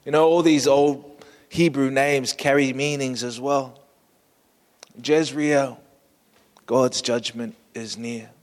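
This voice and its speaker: A man preaching a sermon, painting a vivid scene slowly and inviting listeners to imagine it. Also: medium pitch, steady tone, big-room sound. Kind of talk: storytelling sermon.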